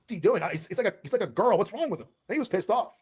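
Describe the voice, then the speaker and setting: A man's voice: sits high, animated, racing, darkish tone, breathy edge. A man on a casual livestream telling a profane, rambling story full of quoted back-and-forth.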